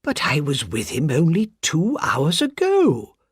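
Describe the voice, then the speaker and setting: A woman voicing an anxious older gentleman who protests in alarm in a read-aloud story. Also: a little high, wildly swooping pitch, unhurried, husky, dry recording, clean studio sound, pitched above the performer's own voice, heavily acted.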